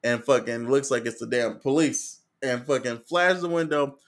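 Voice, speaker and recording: A man's voice: mid-range voice, moderate pace. A man hosting a podcast, telling stories in casual, profane chat and acting out what other people said. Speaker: podcast host.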